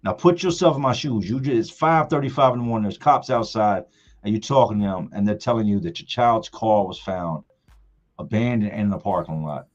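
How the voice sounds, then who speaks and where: A man's voice: fairly low pitch, a little fast. A middle-aged man telling a story from his family on a live stream, emphatic and repeating words for effect. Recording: dull lo-fi sound with faint music.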